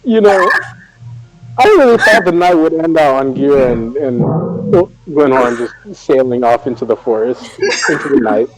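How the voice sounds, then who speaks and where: A man's voice: mid-range voice, animated, moderate pace, over music, poor audio. A man playing a tabletop game, joking and mocking himself. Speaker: player.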